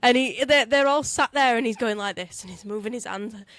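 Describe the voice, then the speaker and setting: A young woman co-hosting a casual podcast, telling stories in an animated way and teasing her co-host. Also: fairly high pitch, fairly quick, dry recording. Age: young adult. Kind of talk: casual chat.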